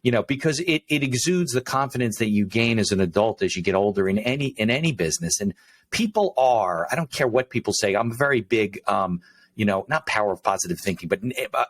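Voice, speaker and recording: Low-voiced podcast host, casual. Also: male voice, expressive, fairly quick. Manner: frequent short affirmations, reflective musing. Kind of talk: casual interview chat.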